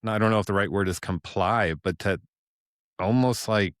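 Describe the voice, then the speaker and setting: A man hosting a podcast, reflecting casually and thinking aloud with lively self-quotes. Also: on the low side, normal speed, clean tone, dry recording, studio quality. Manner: thinks aloud with fillers, animated when quoting himself. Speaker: podcast host.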